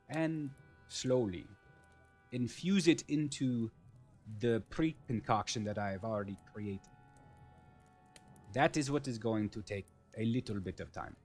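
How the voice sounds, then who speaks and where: A man voicing a scholarly male alchemist who explains his work in a measured, hesitant way, with faint music behind. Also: mid-range voice, darkish tone, breathy edge. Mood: explaining.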